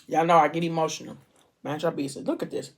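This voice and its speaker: A woman's voice: sits low, brisk. Emotional woman recapping a novel. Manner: emotional, animated storytelling with informal slang. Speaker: book vlogger. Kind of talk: casual book discussion, retelling a plot.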